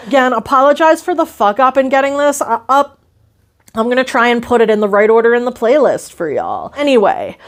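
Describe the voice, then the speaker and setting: Young woman book vlogger, loose and profane, somewhat high register. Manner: slangy and profane, lots of "like". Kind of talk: casual book commentary.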